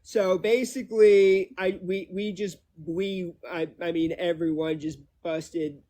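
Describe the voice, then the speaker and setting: Man, high voice, hesitant, stammering, placating tone, live-stream guest. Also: steady tone, slow pace, dark tone.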